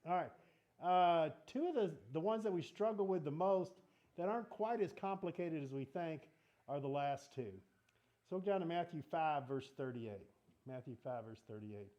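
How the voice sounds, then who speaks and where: A man's voice: a little high, moderate pace, mellow, lo-fi sound. A man teaching a casual Bible study in a church meeting room, talking in a conversational way and asking the group questions.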